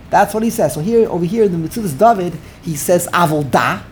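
An emphatic woman leads a Torah class, wandering from point to point and scattering Yiddish and Hebrew terms through her talk. Her voice sits on the low side, with a faint hiss behind it. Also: brisk, darkish tone. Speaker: Talmud teacher.

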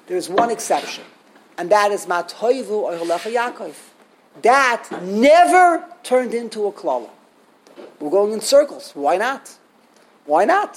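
A man's voice: high voice, slight background noise, poor audio. Emphatic man teaching a Torah sermon. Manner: emphatic, rhetorical questions, repeats and restarts words.

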